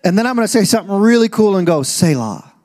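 A male pastor delivers an emphatic sermon, his voice sitting a little higher than most men's. He drops low and measured, then builds loud and rising, stretching out key phrases slowly. The long reverb of a large church hall trails behind every word. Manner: slows right down to stress key phrases. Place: church auditorium.

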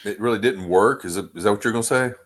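A man's voice: lowish voice, quick pace, a bit bright. A man co-hosting a casual podcast, giving short, dry replies. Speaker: podcast co-host. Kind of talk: casual chat.

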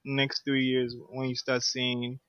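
A man co-hosting a relaxed podcast, talking hesitantly at a mid pitch with plenty of restarts and "um"s. His audio sounds slightly dull and lo-fi. The sound is dry. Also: slow pace, no room sound. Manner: hesitant, stammering with many "um"s. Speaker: podcast co-host. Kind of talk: casual chat.

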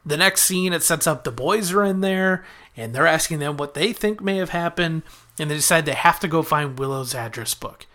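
A man's voice: on the high side, normal speed, bright, forceful tone. A man casually recapping a TV episode as a podcast host, chatting through the plot and quoting the characters in his own voice.

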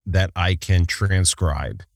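A man's voice: sits low, slow pace, vocal fry, no room sound, studio quality. A man co-hosting a podcast in a casual chat, jokey and rambling, laughing often. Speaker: podcast co-host.

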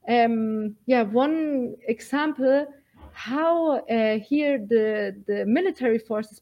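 A woman's voice: a little high, mellow. A woman guest in an interview, talking earnestly and emphatically, with many fillers. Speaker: guest, militia fighter.

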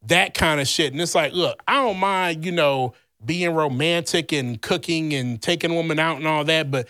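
A man from Louisiana, a podcast host, telling a rambling, animated personal story in casual chat, swearing freely. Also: on the high side, normal speed, few pauses, dry recording, clean studio sound. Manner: heavy swearing, blunt and animated; rambling with many fillers.

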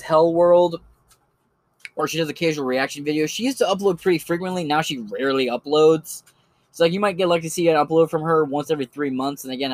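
There's no echo on this fairly high-pitched male voice. A channel host offers rambling, foul-mouthed, relaxed recommendations of online creators in a casual solo commentary.

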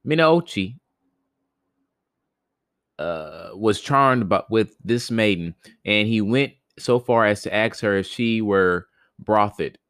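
Guy reading a spooky folktale on his podcast, lowish voice, trips over words, dry room. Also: expressive, slow pace, a bit bright, clean tone, no room sound. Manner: stumbling, self-correcting reading, then slangy joking retelling. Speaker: podcast host reading stories. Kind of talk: casual storybook reading with commentary.

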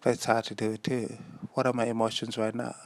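A man's voice: medium pitch, completely flat delivery, fast talker, no echo. A young man hosting a solo diary-style podcast, rambling and musing aloud with self-mocking asides. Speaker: podcast host.

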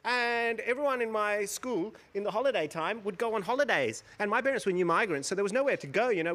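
A middle-aged man from India, a panel guest on stage, telling his story in an animated way, acting out voices and laughing often. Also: high voice, quick pace, hardly any pauses. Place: stage before a live audience.

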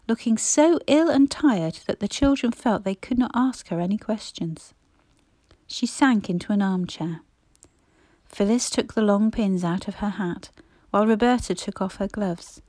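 An audiobook narrator, a woman with a mid-range voice, reads a classic children's story in a measured, expressive way. The studio-quality recording has no room sound.

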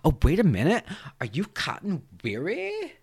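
A man's voice: sits high, wildly swooping pitch, moderate pace, creaky, darkish tone, husky, no room sound, pitched above the performer's own voice, full character voice. A man putting on a flirty woman's voice for a caller who dialed a wrong number.

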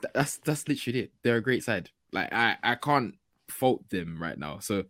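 Young male co-host, mid pitch with lively swings, excitable slangy banter, dry sound. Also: moderate pace, no room sound. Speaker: podcast co-host. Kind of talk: casual football chat.

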